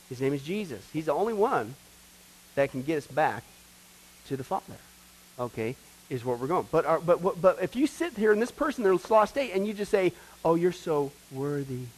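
A man with a high, light voice delivers a sermon and teaches from a study guide. He presses hard and loud when he warns, then drops to a quiet, intense hush. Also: low-quality recording. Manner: emphatic, swings between loud urgency and hushed intensity. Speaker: preacher teaching a class.

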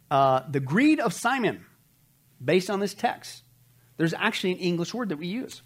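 Emphatic man teaching a Bible study. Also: a little high. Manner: emphatic, rhetorical questions to listeners. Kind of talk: conversational sermon teaching.

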